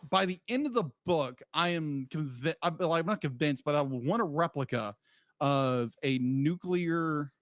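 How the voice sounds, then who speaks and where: Rambling podcast man, higher voice. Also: animated, measured pace, no echo, studio quality. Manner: rambling, with frequent restarts and laughs. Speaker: podcast co-host. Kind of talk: casual chat.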